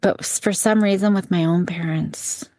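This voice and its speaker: A woman's voice: fairly low pitch, fairly even intonation, normal speed, warm tone, dry recording, studio quality. A woman co-hosting a podcast, talking casually and self-deprecatingly. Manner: self-deprecating, plain-spoken. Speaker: podcast co-host. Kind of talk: casual chat.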